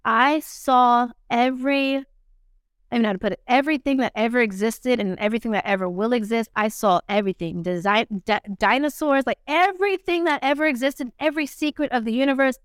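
A woman guest on a podcast, telling a personal story in a blunt, profane and animated way. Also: on the high side, brisk, clean tone, no echo, clean studio sound. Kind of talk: candid conversational storytelling.

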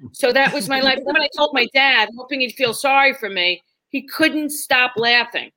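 A woman guest telling stories in a casual interview, animated and acting out quotes in different voices. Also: high-pitched, normal speed, few pauses.

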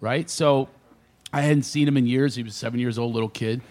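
A comedian guest telling stories on a radio show, full of energy and loud impressions of his friends. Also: medium pitch, fairly quick. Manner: animated storyteller, shouts impressions of friends. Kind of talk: casual radio chat, storytelling.

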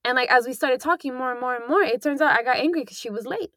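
A woman's voice: sits high, fast, a bit bright, no echo, clean studio sound. A young woman in casual chat, talking candidly and rambling with many fillers and the odd swear word.

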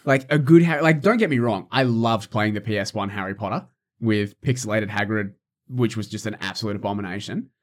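A man's voice: fairly low pitch, brisk. A young man co-hosting a casual podcast, ranting in exasperation and peppering his talk with likes. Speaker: podcast co-host. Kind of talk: casual chat.

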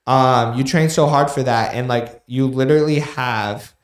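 A young man chatting casually as a podcast co-host, rambling on with a steady stream of "like" and restarts. His voice sits at an ordinary pitch for a man. The sound bounces around an echoey room. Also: measured pace. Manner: rambling, filler-heavy, repeats "like". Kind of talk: casual chat.

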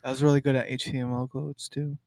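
A man's voice: mid-range voice, little pitch movement, quick pace, vocal fry, a little mellow, dry recording. A young man co-hosting a podcast, teasing in dry, casual banter. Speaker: podcast co-host.

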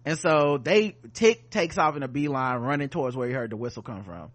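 A man co-hosting a podcast, casually reviewing a TV episode with loose, profane, animated retelling of the scenes. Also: medium pitch, brisk. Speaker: podcast co-host.

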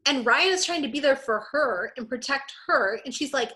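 A woman co-hosting a podcast in casual chat, animated and quick to swear. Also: sits high. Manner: animated, swears freely, acts out characters' lines. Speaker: podcast co-host.

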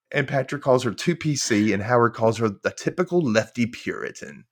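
A man hosting a chatty recap show. His pitch swings widely as he acts out characters' lines in exaggerated voices. He sounds loose and conversational. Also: expressive, brisk, few pauses. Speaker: podcast host. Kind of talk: casual recap chat.

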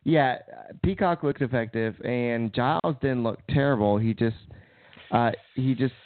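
A man's voice: medium pitch, unhurried, dry recording. A man co-hosting a casual sports chat, hesitant with lots of fillers. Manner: hesitant, many fillers, relays news. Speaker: podcast co-host. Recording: tinny phone-like line, dry.

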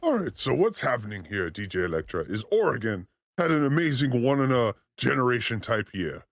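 Gravelly, crude joking livestream host. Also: male voice, mid-range voice, sing-song, fairly quick, no room sound, clean studio sound. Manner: crude, joking, slips into put-on accents. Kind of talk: loose comedic livestream chat.

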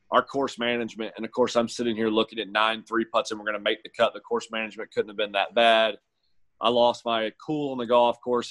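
A man's voice: lowish voice, fairly bright tone. A man who works as a golf caddie, telling his story in an interview in an earnest, heartfelt, reflective way.

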